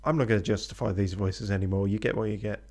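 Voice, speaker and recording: A man's voice: lowish voice, fairly even intonation, fast talker, darkish tone. A man streaming a video game live. He chats casually and offhandedly, swears now and then and mutters asides to himself.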